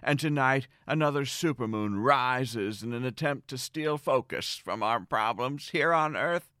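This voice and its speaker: A middle-aged man delivering a scripted comic monologue as a podcast host, earnest and whimsical, with sudden excited jumps. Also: medium pitch, measured pace, smooth, no room sound, clean studio sound.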